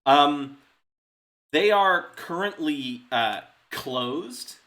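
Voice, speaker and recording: A man's voice: fairly high pitch, lively intonation, drawn-out words, bright, forceful tone. A man running a tabletop role-playing game as game master, chatty and loose, laughing often.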